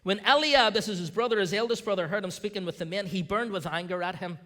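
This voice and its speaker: A male pastor preaching a sermon in a church, animated, acting out the voices of the people in the scripture. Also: high-pitched, fast, in a large hall. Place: church sanctuary.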